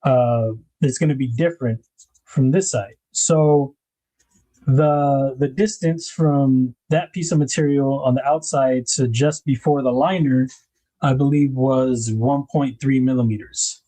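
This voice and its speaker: Laid-back man, mellow voice. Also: mid-range voice, fairly even intonation, a little slow. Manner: rambling, laid-back, greets viewers in chat by name. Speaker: livestream host and knife designer. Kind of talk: casual livestream chat.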